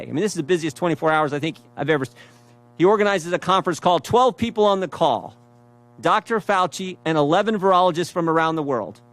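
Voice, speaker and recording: A middle-aged man makes his case at a hearing in an emphatic, driving voice. His voice sits somewhat high for a man, and he reads out emails and repeats phrases for weight. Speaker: congressman questioning at a hearing. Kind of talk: speech at a hearing.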